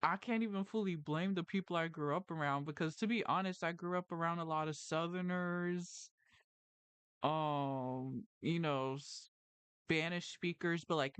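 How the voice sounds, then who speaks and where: A host around thirty chats casually on a livestream, with a rounded, mouthful delivery that blurs some words. They keep drifting into tangents, restarting sentences and leaning on "like" and "you know". The voice is smooth and resonant, recorded dry and close. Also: mid-range voice, a bit bright, no echo. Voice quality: round, mouthful, mumbled articulation. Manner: tangent-prone, self-correcting, frequent "like" and "you know". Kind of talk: casual rambling chat. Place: lives in New Jersey.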